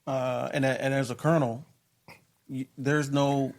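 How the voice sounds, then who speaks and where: Brief: podcast guest, 50s man, gravelly, reflective and hesitant. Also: mid-range voice, flat delivery. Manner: measured, thoughtful, with frequent hesitations. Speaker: podcast guest, retired military leader. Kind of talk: reflective conversation.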